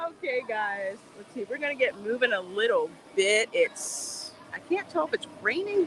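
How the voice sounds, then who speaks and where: A woman hosts a casual livestream while walking outdoors through a theme park, chatty and laughing often as she reads viewer comments aloud. Her slightly high voice is sing-song and unhurried, with faint outdoor noise behind her.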